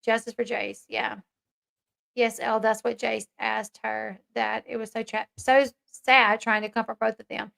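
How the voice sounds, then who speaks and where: A woman's voice: fairly high pitch, flat delivery, a little slow, creaky, a bit bright. A woman hosting a casual commentary talk, chatty and opinionated, reading out viewer comments as she goes. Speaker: host.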